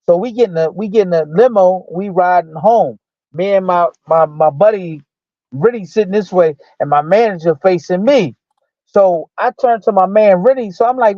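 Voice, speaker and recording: A former boxer, appearing as a guest, tells a story casually in a fairly high voice at normal speed, acting out what the people in it said. His speech is loose and full of restarts, and the dry, dull lo-fi recording carries no room sound.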